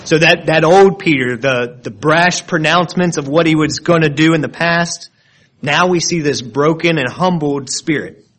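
Man, preacher, expository sermon, slightly high voice, earnest teaching tone, frequent restarts. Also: moderate pace, a bit bright. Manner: explains word meanings, earnest and searching; restarts and repeats words often.

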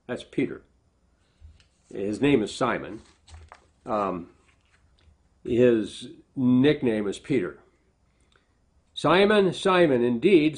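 A man's voice: medium pitch, darkish tone, husky. A man preaching a sermon, reading scripture aloud with lifted emphasis and then explaining it in plain, conversational asides. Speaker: pastor.

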